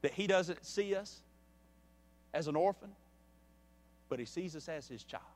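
Earnest preacher with a slightly high voice. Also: male voice, expressive, unhurried. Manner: earnest and pleading, dropping soft. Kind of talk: sermon with story reading. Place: church.

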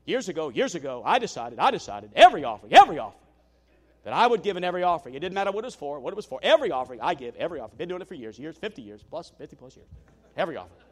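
A man's voice: on the high side, very animated, racing, pitched below the performer's own voice. A man imitating an 85-year-old preacher who repeats each phrase two or three times, done as an impression inside a sermon story. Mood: earnest.

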